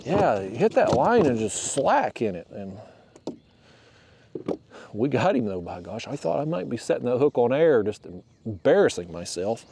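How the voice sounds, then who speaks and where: A man, chatting to his viewers in a folksy, excitable way while fishing from a small boat. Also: medium pitch, a little slow, gravelly, slight background noise. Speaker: fishing vlogger. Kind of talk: casual narration while fishing.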